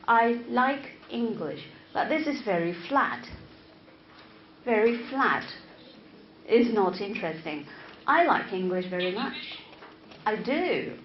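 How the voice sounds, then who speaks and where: A woman's voice: medium pitch, a little hiss or hum. A woman in her fifties from China, lecturing as a university English teacher, repeating key words and checking in with her students. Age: 50s. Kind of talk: classroom lecture. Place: classroom. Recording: echoey lo-fi classroom recording.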